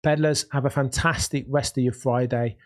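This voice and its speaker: A man's voice: medium pitch, steady tone, normal speed. A man with a Birmingham accent hosting a casual live stream, talking enthusiastically and rambling as he reacts to racing and answers chat.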